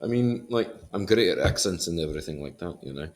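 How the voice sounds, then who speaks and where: Deep-voiced man, casual podcast guest. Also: lively intonation. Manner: laughs often, talks in quick bursts with restarts. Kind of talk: casual conversation.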